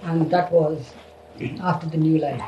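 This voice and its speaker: A man's voice: on the high side, steady tone, warm tone, lo-fi sound. Older man, reflective storyteller, hesitant and repetitive; roomy, slightly noisy recording. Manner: halting, repeats words, frequent "you see". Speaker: devotee recounting memories. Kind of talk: reminiscing storytelling.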